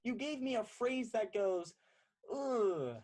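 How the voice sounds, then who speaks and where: A man with a slightly husky voice performs stand-up comedy over a video call. His delivery is animated and mock-exasperated, with a pitch that swings widely as he plays out everyday exchanges. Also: unhurried.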